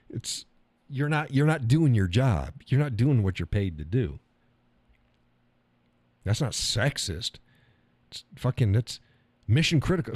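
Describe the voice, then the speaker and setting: A man's voice: medium pitch, sing-song, moderate pace, long pauses, darkish tone, no room sound. A middle-aged man hosting a live stream, talking casually in a blunt, profane way and laughing often. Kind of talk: casual opinionated monologue.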